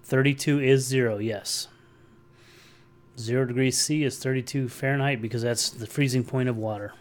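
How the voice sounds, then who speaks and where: A man's voice: mid-range voice, steady tone, normal speed. A man hosting a casual livestream, chatting in a rambling way and answering viewer comments aloud. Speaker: livestream host.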